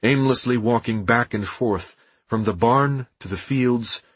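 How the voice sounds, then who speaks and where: A man narrating an audiobook in a steady, measured reading with a husky voice. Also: medium pitch, no echo.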